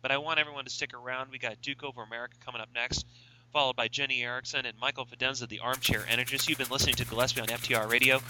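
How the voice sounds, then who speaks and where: A man's voice: mid-range voice, level tone, racing, sharp tone, a little hiss or hum, poor audio. A man hosting a radio talk show, teasing his co-host and then wrapping up in a formal broadcast tone. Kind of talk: casual radio banter.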